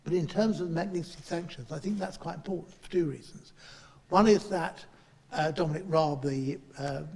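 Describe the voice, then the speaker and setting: A middle-aged man chairing a panel and giving a speech, halting and restarting often as he talks in a meeting room in Parliament. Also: on the high side, vocal fry, a little mellow, long reverb tail. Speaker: chair and politician.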